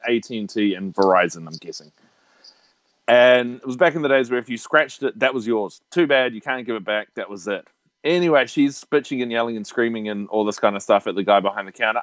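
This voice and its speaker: A man's voice: mid-range voice, no room sound, dull audio. A man, telling stories in a casual chat and laughing often. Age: 30s. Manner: animated, laughing, acts out voices in his stories. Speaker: podcast guest.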